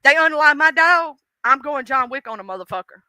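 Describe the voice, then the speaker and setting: A woman chatting casually on her live stream, animated and chatty, cursing freely and reacting to her viewers' comments. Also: high voice, a little fast, dry recording.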